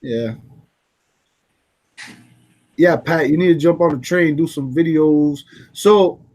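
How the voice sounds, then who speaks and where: A man's voice: a little high, takes it slowly, a little mellow. A man co-hosting a live stream, chatting casually and talking straight to the viewers in the chat. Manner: playful, addresses the chat directly. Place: lived in Texas.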